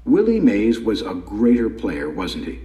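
A man's voice: fairly low pitch, huge pitch swings, a little slow, warm tone. Man voicing an emphatic older baseball mentor. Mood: challenging. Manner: emphatic, questioning, firm. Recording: roomy echo.

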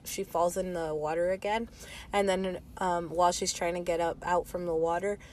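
A woman's voice: on the low side, level tone, moderate pace, a little mellow, a little hiss or hum. A woman casually recapping a movie, often backing up her friend and filling in plot details. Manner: backchannels a lot, fills in plot details.

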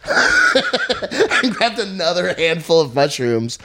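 A man's voice: fairly low pitch, normal speed, heavy background noise. A man, a guest comedian, telling a rambling, profane story on a podcast while laughing along.

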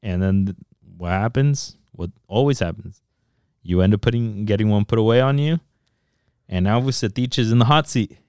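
A man co-hosting a soccer podcast in casual, animated chat, swearing freely and switching into Spanish. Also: lowish voice, normal speed, smooth, no echo, studio quality.

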